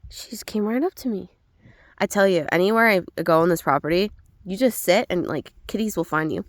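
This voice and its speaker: A young woman hosting a casual gratitude vlog outdoors on a rural property. She talks in a chatty way and slips into a high sing-song when she calls to her animals. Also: brisk, dry recording, studio quality. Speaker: host.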